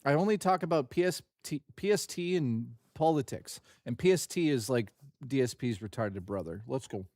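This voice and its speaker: A man hosting a live reaction stream, joking loudly, swearing and rambling crudely at a desk mic. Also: mid-range voice, lively intonation, normal speed, no echo, studio quality.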